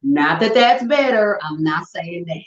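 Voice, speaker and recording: A woman's voice: on the low side, measured pace. A middle-aged woman with a St. Louis accent chats casually, spinning playful stories with a voice that rises and falls a lot. The sound is muffled and lo-fi. It rings in an echoey room. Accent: St. Louis, Midwestern US. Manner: animated storytelling, playful. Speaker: co-host. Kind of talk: casual chat.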